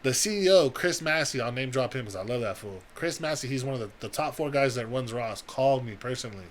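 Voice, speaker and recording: A man's voice: mid-range voice, quick pace, slight background noise. A young man on a podcast telling a long, profane story and acting out everyone's lines. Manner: profane, animated storytelling with acted-out quotes. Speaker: podcast co-host. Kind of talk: casual storytelling.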